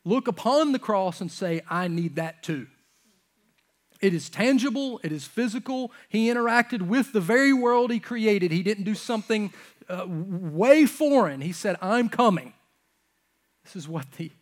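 A man preaching a sermon from a church stage, swinging between loud emphatic lines and hushed, near-whispered ones. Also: high-pitched. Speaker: pastor.

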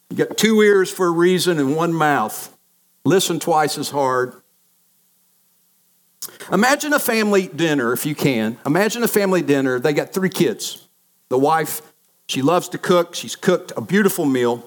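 A middle-aged man preaches a sermon in a somewhat high voice. He tells stories from family life and acts out the quoted lines with changing pitch. He speaks as a pastor to his congregation.

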